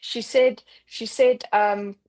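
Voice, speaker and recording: A woman's voice: on the high side, fairly even intonation, takes it slowly, a little mellow. A woman guest on a movie review podcast, reacting and chiming in during casual chat. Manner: reactive, laughs and chimes in.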